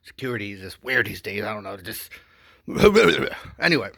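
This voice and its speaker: A man telling a rambling satirical comedy story with goofy, deadpan asides. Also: lowish voice, moderate pace, vocal fry.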